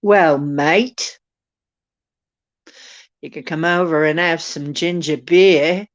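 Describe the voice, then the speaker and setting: Woman doing a loud, teasing Aussie mate, lo-fi sound. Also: sits low, flat delivery, unhurried. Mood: hearty. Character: hearty Australian host offering ginger beer.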